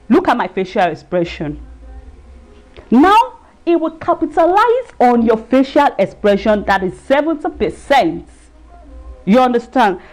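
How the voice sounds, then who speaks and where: A marriage enrichment speaker gives an earnest talk on marriage during a livestream, repeating herself and searching for words. Her voice is on the high side with a darkish tone.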